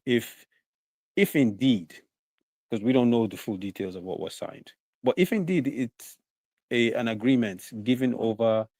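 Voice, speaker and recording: A man on a live talk show panel, making a measured argument and often adding "you know". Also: on the low side, creaky, darkish tone, no echo. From southern Nigeria.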